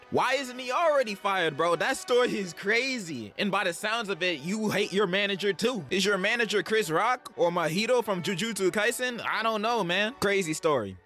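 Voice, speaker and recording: A man reads out strange stories in an upbeat comedic narration and keeps cutting in with his own jokey asides. His voice sits fairly high and bright, and it swoops up and down a lot. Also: moderate pace, few pauses, faint music behind. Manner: animated, jokey commentary between readings. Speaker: narrator of a reacted-to video. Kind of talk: comedic narration of reader confessions.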